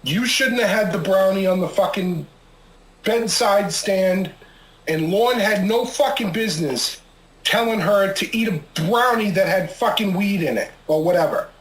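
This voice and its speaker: A man's voice: sits high, moderate pace, fairly bright tone. A man scolding two people in exasperation on a reality show, swearing heavily. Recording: roomy echo.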